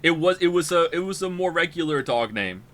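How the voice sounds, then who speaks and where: A man's voice: fairly high pitch, expressive, a little fast, fairly bright tone, a little hiss or hum. A man from Canada hosting a gaming stream, telling rambling, profane stories in casual chat. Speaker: streamer host.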